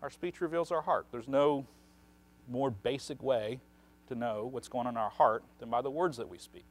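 A man teaching on the Bible in a relaxed, conversational way, explaining at length and often checking in with a questioning "right?". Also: mid-range voice, moderate pace.

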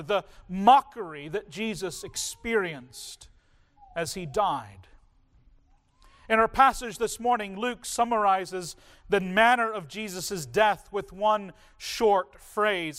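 Male pastor, high voice, slow measured sermon delivery with weighty pauses. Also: fairly bright tone. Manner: slow, deliberate preaching with dramatic pauses.

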